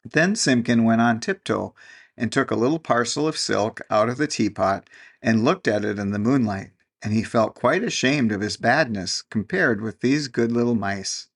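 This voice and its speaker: A man reading a classic storybook aloud in a gentle, measured narration. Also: mid-range voice.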